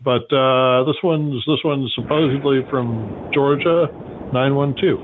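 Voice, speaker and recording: A man's voice: mid-range voice, slow pace, a little hiss or hum. A man hosting a call-in show, explaining things at length with many fillers. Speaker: host. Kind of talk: call-in radio talk. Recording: phone-like narrow sound.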